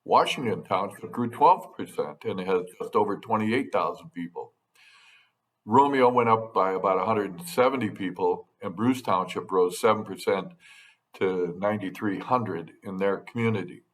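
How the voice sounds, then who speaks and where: A middle-aged man, a state legislator, delivering a prepared update to his constituents in a measured, dry manner with touches of sarcasm. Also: low-pitched, a bit bright. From United States.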